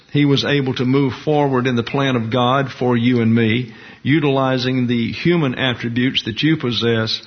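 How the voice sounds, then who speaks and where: A man with a husky, somewhat breathy voice delivers a deliberate Bible study lecture, unpacking Greek words one by one. The recording is muffled and lo-fi, with the top end dulled. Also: mid-range voice. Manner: deliberate, explanatory, walks through Greek terms and diagrams. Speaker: Bible teacher.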